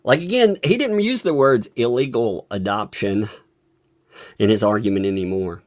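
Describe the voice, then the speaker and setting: A man's voice: on the low side, moderate pace. A man giving live reaction commentary, ranting with exasperation, swearing a lot and breaking into laughter often.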